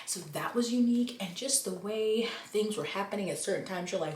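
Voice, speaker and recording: A woman chatting casually and excitedly about books she loves, acting out her own reactions. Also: mid-range voice, normal speed. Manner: gushing, animated, quotes her own reactions. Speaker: book vlogger. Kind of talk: casual book review chat. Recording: echoey room with faint noise.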